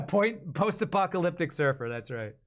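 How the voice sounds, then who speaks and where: A male streamer talks casually on a live stream, working through voice-over takes. He thinks out loud, often trails off, and keeps asking his viewers what they think. His speaking voice sits a little high for a man. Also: expressive, moderate pace, creaky. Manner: chatty, thinks out loud and asks chat for feedback.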